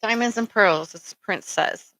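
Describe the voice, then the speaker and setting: A woman's voice: medium pitch, a little slow, a bit bright, dry recording, rough recording. A middle-aged woman giving rambling, casual spiritual advice, full of ums and checking in with "okay?". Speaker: spiritual speaker.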